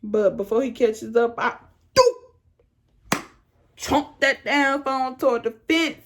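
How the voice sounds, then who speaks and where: A young woman vlogger telling a storytime tale in an animated, slangy, laughing way. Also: fairly high pitch, a little slow, noisy background. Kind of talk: casual storytime.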